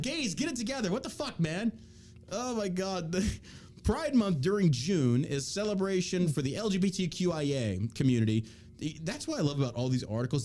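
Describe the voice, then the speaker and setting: A male podcast host with a lively voice that swings up and down in pitch. He reads articles aloud and mocks them with crude, profane jokes in a loose, casual chat. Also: slight background noise.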